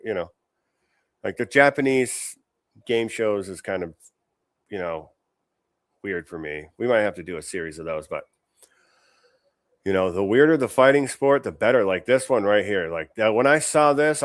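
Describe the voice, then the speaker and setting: Reacting to videos on his show, the host rambles, curses, laughs a lot, and leans heavily on fillers like "you know" in casual chat. He has a lowish voice, recorded in studio quality with no room sound.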